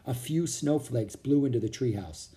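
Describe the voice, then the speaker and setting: Animated, mellow children's book reader. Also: mid-range voice, moderate pace. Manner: expressive, animated reading. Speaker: audiobook reader. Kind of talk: children's storybook narration.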